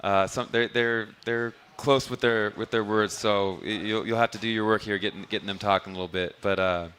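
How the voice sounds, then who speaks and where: A man's voice: lowish voice, steady tone, fairly quick, fairly bright tone, clear, resonant tone. A man who coaches basketball, telling rambling stories in an easygoing way during a live interview at a restaurant bar. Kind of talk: casual interview answers.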